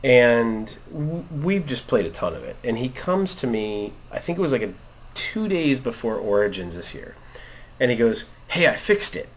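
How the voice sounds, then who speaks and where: Guy in his 30s telling a funny story about his kid, super animated, laughing a bunch. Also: mid-range voice, normal speed, a little hiss or hum. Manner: animated storyteller, acts out quotes, laughs often. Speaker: podcast co-host, father. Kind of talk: casual chat while gaming.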